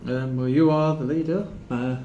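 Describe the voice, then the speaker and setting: A man's voice: medium pitch, steady tone, normal speed, warm tone, dull audio, a little hiss or hum. A man playing a tabletop game in a chatty way, often restarting his words. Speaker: player. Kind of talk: casual tabletop play. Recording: roomy room.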